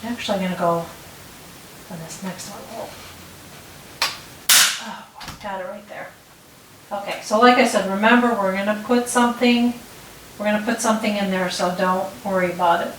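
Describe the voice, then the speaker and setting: A woman's voice: mid-range voice, normal speed, pauses often. A middle-aged woman hosting a casual step-by-step craft tutorial, talking while she works and checking in with "okay?". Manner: chatty, talks while working, frequent restarts and "okay?" check-ins. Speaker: DIY tutorial host. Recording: roomy, distant mic with faint noise.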